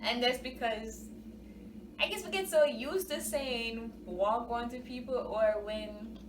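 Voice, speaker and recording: A woman, co-hosting a casual chat in a playful, laughing way. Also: a little high. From Jamaica. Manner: laughing, playful, drawn-out phrasing. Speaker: co-host. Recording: echoey room from a distance, background hiss.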